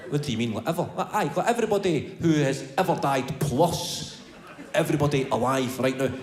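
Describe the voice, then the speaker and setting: Animated comic with a lively, high voice. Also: male voice, brisk. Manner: animated, swearing, storytelling. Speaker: stand-up comedian. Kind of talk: stand-up routine. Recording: live comedy hall, crowd laughter.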